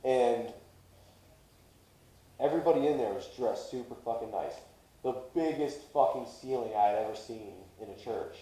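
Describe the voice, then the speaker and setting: Man, podcast co-host, casual profane storytelling, dark voice, echoey room, off-mic. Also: medium pitch, normal speed.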